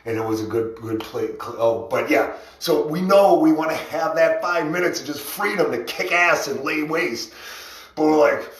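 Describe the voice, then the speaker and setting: At normal speed and with a slightly high voice, a rally organizer hosts a casual motivational livestream, giving an enthusiastic, meandering pep talk about rallies punctuated by laughs. The audio is echoey, with the mic placed far away.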